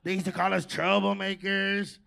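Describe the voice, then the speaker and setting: Brief: LA podcast co-host, live stage, rowdy and loud, gravelly high voice. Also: male voice, level tone, moderate pace, dry recording. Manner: loud, hyped, shouting to the crowd. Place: large concert venue before a live audience. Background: crowd.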